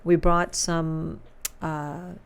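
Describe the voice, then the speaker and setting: A woman's voice: sits low, level tone, very slow, vocal fry, clean tone. A woman from Pakistan, a radio DJ and spokeswoman, chatting and joking as a guest in an interview. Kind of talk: casual interview chat.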